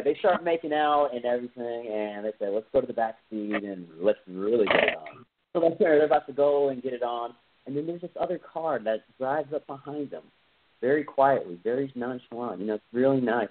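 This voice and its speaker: A man hosting a podcast who retells a film scene in a casual, rambling, enthusiastic way, with many fillers. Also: on the high side. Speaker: podcast host. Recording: tinny phone-like sound.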